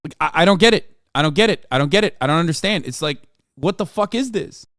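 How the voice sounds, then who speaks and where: A man's voice: a little high, expressive, fast talker, a bit bright, no room sound, clean studio sound. A man hosting a casual live-stream reaction, talking bluntly with lots of swearing and incredulous outbursts. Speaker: streamer host.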